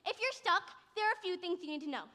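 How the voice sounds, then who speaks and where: Girl playing a grumpy sarcastic creature, very high, bright. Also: expressive, quick pace, full character voice. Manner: dry, sarcastic. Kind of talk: school stage musical acting.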